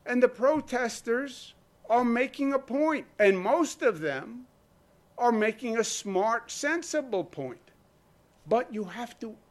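Emphatic New man giving a speech. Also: extremely high pitch. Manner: emphatic, rhetorical questions, mock quotes. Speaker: state governor. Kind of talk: public speech.

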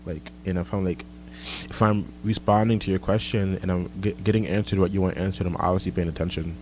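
A young man hosting a casual chat and reading listener comments aloud, relaxed and full of "like". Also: low-pitched, fast talker, slight background noise. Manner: relaxed, filler-heavy, says "like" often.

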